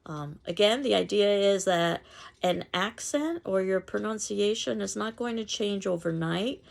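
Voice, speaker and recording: A woman from New York City with a New York accent, lecturing on speech delivery. Her voice sits fairly low with a gravelly edge. She explains steadily and clearly, with the odd "um". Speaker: public speaking instructor. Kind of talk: recorded online lecture.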